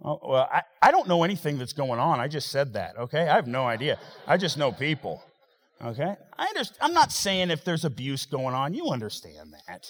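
Man, pastor, sermon, higher voice, loud-to-quiet swings, echoing church hall. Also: sing-song, a little fast. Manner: swings from loud rising preaching to quiet asides. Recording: long hall reverb.

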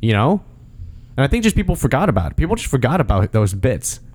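A man's voice: sing-song, quick pace, darkish tone. A man in casual podcast chat, arguing his opinions emphatically and pressing his points. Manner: argumentative, emphatic, pitch jumps when making a point.

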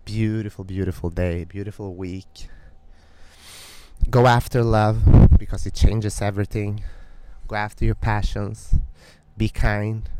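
A man's voice: on the low side, dark tone, a little hiss or hum. A man hosting his podcast, speaking earnestly and from the heart outdoors beside a lake, now and then breaking off to remark on what he sees. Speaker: podcast host. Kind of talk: casual spoken monologue.

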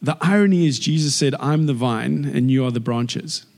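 A man preaching a sermon in a chatty, jokey, animated way. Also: medium pitch, moderate pace, vocal fry. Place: church hall. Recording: echoey hall with long reverb.

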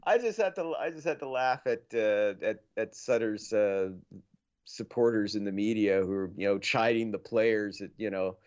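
A man's voice: fairly low pitch, moderate pace, a little mellow. Chuckling male podcast co-host, slightly muffled. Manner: laughs often, acts out quoted voices. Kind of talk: casual chat.

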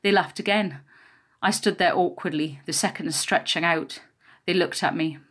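A woman narrating a first-person memoir in a quiet, measured storytelling voice. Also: lowish voice.

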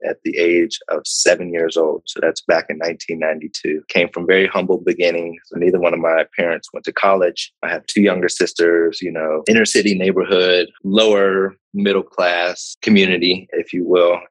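A man from Pittsburgh in his thirties, a podcast guest telling his life story in a relaxed, reflective way with many fillers and repeated words. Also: deep voice, no echo, low-quality recording. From Pittsburgh, Pennsylvania, USA. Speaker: podcast guest, startup founder. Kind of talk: casual interview storytelling.

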